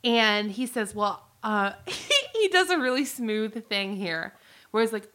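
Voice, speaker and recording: A woman's voice: mid-range voice, a little slow. A woman co-hosting a podcast, retelling episode scenes in casual chat and acting out the characters' lines. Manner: animated storytelling, acts out characters' lines. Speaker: podcast co-host recapping a show.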